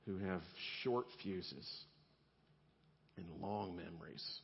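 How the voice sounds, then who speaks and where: A male pastor preaching a sermon in a relaxed, conversational way, with humor and softer, gentle passages. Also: sits low, takes it slowly, gravelly, husky. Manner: conversational and humorous, dropping to soft gentle tones. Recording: lo-fi sound with long hall reverb.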